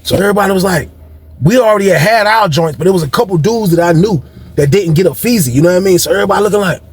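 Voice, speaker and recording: A man's voice: sits high, racing, slightly rough, dry recording. A man casually telling a long story in a rambling, slangy way, addressing his listeners directly.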